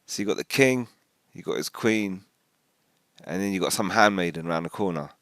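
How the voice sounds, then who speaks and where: A man rambling casually through a commentary video, animated and full of restarts. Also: deep voice, normal speed, no echo, studio quality.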